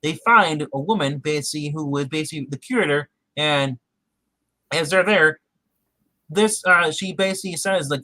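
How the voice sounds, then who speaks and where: A man's voice: on the high side, expressive, a little fast, bright, forceful tone, no room sound, poor audio. A man co-hosting a podcast, giving a casual episode recap and animatedly acting out the characters' quotes. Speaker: podcast co-host.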